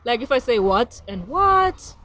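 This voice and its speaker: A woman's voice: medium pitch, brisk, noisy background. A woman guest on a podcast, a translator explaining language points patiently in casual chat, laughing easily.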